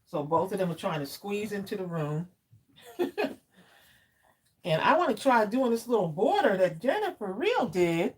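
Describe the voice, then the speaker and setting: A woman's voice: mid-range voice, sing-song, normal speed, long pauses, breathy edge. A woman hosting a live crafting stream, chatting casually with viewers, greeting them by name and saying "y'all" a lot. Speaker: craft livestream host.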